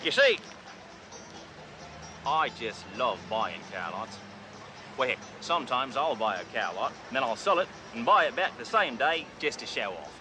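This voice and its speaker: A man's voice: medium pitch, sing-song, moderate pace, sharp tone, slight background noise. Crocodile Bruce, a man faking a brash Aussie tycoon. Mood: boastful. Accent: put-on Australian. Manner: boastful, hammy, slang-heavy. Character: brash fake-Australian rich male car dealer. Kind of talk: 1980s sitcom acting.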